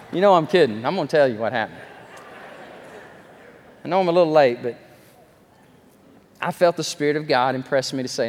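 A man preaching a sermon as pastor, telling stories with animated energy and self-deprecating asides. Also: a little high. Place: large church sanctuary. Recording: long reverb of a large hall.

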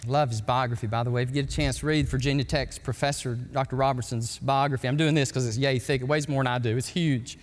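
A man pastor preaching a sermon in a church, emphatic and storytelling, with sudden excited quotations. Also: mid-range voice, fast talker, hardly any pauses. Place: church sanctuary. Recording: long hall reverb.

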